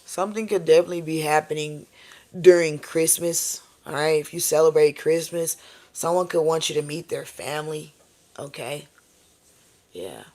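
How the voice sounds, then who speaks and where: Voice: mid-range voice, normal speed, a little mellow. Rambling, profane tarot reader on a live stream. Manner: keeps asking viewers "okay?" and "all right?".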